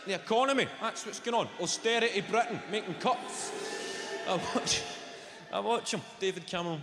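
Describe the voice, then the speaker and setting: A Glaswegian man works the crowd in a swearing, chatty stand-up set, his voice sitting a little high. He is recorded live in a big reverberant hall, with loud audience noise all around him. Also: quick pace. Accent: Glaswegian Scottish. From Scotland. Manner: sweary, conversational crowd work with animated bursts. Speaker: stand-up comedian. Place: large theatre stage with audience.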